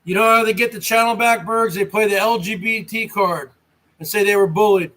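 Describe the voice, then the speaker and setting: An American man from the United States hosts a casual livestream in a high-pitched, sharp voice, speaking fairly quickly with fairly even intonation. He reads chat and mockingly taunts viewers by name, addressing chatters directly.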